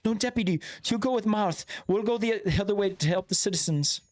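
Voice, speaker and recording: A man's voice: sits high, a little fast, a little mellow, voice pushed up, lightly acted. A man voicing a determined young woman who gives orders urgently in a game quest. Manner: urgent, commanding.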